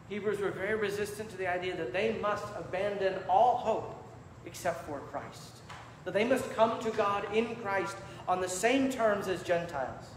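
A man preaching a sermon from the pulpit with emphatic, measured delivery. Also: sits high. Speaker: pastor. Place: church sanctuary. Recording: echoey church hall with faint room noise.

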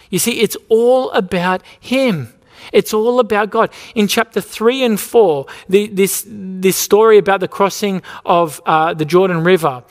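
A male pastor from Australia preaching a sermon in a church, earnest and full of repeated rhetorical questions. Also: high-pitched. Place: church sanctuary. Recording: long reverb of a church hall.

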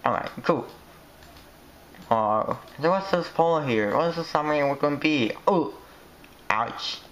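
A man giving excitable, rambling commentary while he plays a game. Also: on the high side, measured pace, pauses often, noisy background.

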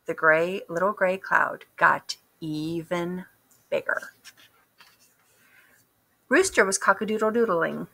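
A woman reading a children's picture book aloud, expressive and asking the listeners questions. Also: lowish voice, slow, creaky, pauses often. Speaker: storybook reader. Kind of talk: children's story read-aloud.

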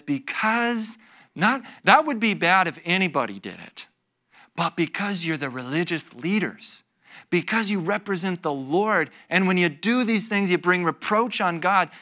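A man's voice: fairly high pitch, pushed and bright. A man teaching a Bible study as a pastor, reading scripture with rising force and acting out little scenes. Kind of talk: expository sermon. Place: church.

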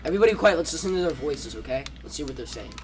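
A teenage boy gaming with friends, excitable and full of trash talk. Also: on the high side, very fast. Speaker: player. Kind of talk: casual gaming banter.

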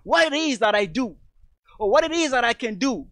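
A man's voice: very high voice, animated, brisk, fairly bright tone, no echo. Emphatic motivational speaker, a man. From Togo. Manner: emphatic, repetitive, addresses audience as lovely people. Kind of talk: motivational speech.

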